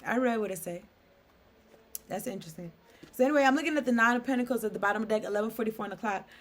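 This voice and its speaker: A woman runs a casual tarot reading on her own, reading passages aloud and then riffing on them. Her voice sits a little on the higher side. She drops in loose asides and keeps checking in with "okay?". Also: very fast. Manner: chatty, reads aloud then riffs with asides; frequent "okay?" and "I don't know" fillers. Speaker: tarot reader.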